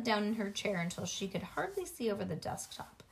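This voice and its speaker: A woman's voice: mid-range voice, normal speed, hardly any pauses, husky. A woman reading a children's book aloud to a child at home, with casual asides to the child.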